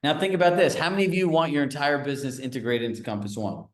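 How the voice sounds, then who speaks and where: A man coaching sales agents at a training session, animated, telling stories and asking the audience questions. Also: a little high, quick pace. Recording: roomy echo.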